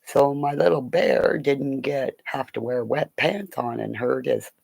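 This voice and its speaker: A middle-aged woman talks in a loose, rambling monologue at an unhurried pace. Her voice is gravelly with a creaky edge, and she swears freely and slips into whispers mid-thought. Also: a bass voice, darkish tone. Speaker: vlogger.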